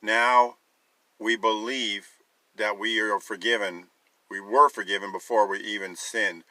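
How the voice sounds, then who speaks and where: A man's voice: fairly low pitch, steady tone, a little slow, sharp tone, dry recording, poor audio. A man giving an emphatic sermon-style talk, urging listeners and piling up rhetorical questions, with a wry, sarcastic edge. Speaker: Christian teacher.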